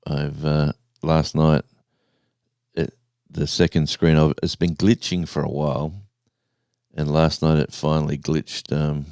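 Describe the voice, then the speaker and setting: A man in his sixties, hosting a casual live stream, rambling and halting as he reads out the viewers' chat. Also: a bass voice, little pitch movement, a little mellow, clear, resonant tone, dry recording, studio quality. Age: 60s. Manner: rambling, halting, with many restarts and fillers.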